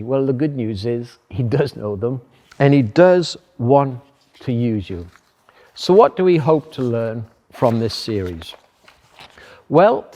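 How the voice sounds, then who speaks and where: A man giving an earnest, measured sermon as a pastor, with thoughtful pauses. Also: medium pitch, mellow. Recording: echoey hall.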